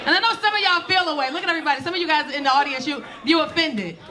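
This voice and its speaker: Brash high-voiced woman doing stand-up. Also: rapid-fire, background noise. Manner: brash, profane, conversational. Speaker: stand-up comedian. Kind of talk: stand-up comedy set. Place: comedy club stage. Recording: live club crowd laughing.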